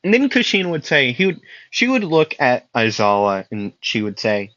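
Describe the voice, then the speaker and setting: A man improvising a fan story, narrating haltingly with many fillers and restarts. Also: medium pitch, huge pitch swings, fairly bright tone, dry recording. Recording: dull lo-fi dry recording.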